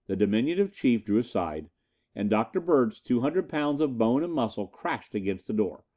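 Brief: male storyteller for a pulp audiobook, warm and expressive. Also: medium pitch, normal speed. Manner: lively storytelling. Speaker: narrator. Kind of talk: audiobook reading of pulp fiction.

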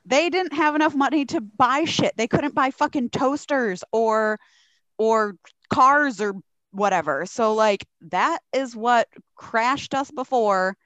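A woman's voice: on the high side, slow pace, dry recording. A woman co-hosting a podcast, ranting casually and profanely about politics. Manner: profane, animated storytelling. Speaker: podcast co-host.

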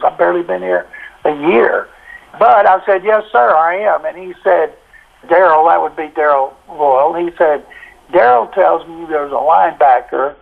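An older man, a sportswriter guest in an interview, telling stories in a folksy, animated way with lots of quoted dialogue. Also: on the high side, gravelly. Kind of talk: anecdotal storytelling. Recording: tinny phone line.

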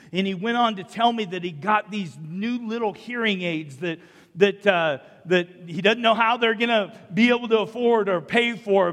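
An American man, a pastor, preaching a sermon and telling a story with many restarts, dropping to a hush and rising loud again. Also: high voice, big-room sound. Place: church sanctuary.

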